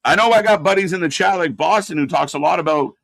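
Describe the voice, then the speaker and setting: A man's voice: fairly high pitch, fast, gravelly, a bit bright, no echo. A man hosting a live watch-along, reacting and critiquing in a rambling, exasperated way with lots of fillers. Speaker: host.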